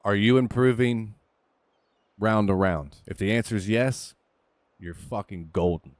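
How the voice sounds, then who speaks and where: Recorded clean, studio-style and without echo, a man with a lowish voice streams a golf game a little slowly. He narrates his shots casually and candidly, coaching himself and swearing every so often.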